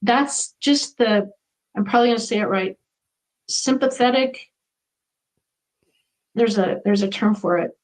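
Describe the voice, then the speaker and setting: A woman's voice: medium pitch, unhurried, long pauses, low-quality recording. A middle-aged woman being interviewed as a guest, talking in an earnest, reflective way about what she has lived through. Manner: earnest, reflective, speaks from personal experience. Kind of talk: conversational interview.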